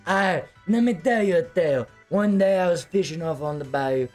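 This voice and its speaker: A man's voice: fairly high pitch, moderate pace, darkish tone, soft background music, pitched above the performer's own voice, natural voice. Guy putting on a bragging swamp fisherman, folksy drawl, tall-tale vibes. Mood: boastful storytelling. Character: boastful bayou fisherman, male dragonborn druid.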